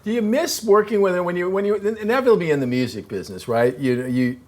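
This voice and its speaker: A man's voice: high voice, lively intonation, quick pace. A man hosting an interview show, talking casually with fillers and restarts as he sets up questions and tracks. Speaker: host.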